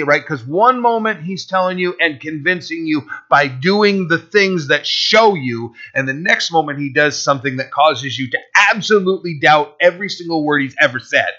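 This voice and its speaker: A man's voice: fairly high pitch, animated, normal speed, bright, forceful tone. A man preaching as a pastor, emphatic and drawn out, often asking "right?". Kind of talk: sermon. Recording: dull lo-fi recording.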